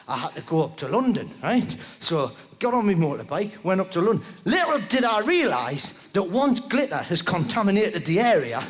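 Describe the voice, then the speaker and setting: A man's voice: high-pitched, in a large hall. A male stand-up comedian telling a rambling story live on stage, tagging lines with "right?". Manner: rambling, animated storytelling with constant "right?" tags. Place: live comedy venue with audience. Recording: live venue with background noise.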